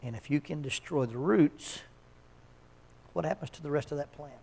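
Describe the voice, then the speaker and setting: A man leading an addiction seminar at a church, talking in a relaxed, conversational way, telling stories and chuckling often. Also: on the high side, moderate pace, gravelly, a little hiss or hum. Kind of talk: casual seminar talk.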